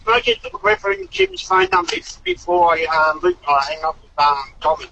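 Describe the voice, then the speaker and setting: A man calling in to talkback radio, halting and rushed, stumbling over his words. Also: very high voice, wildly swooping pitch, creaky, bright, forceful tone, recorded from a distance, dull audio, a little hiss or hum. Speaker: caller. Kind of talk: talkback call-in.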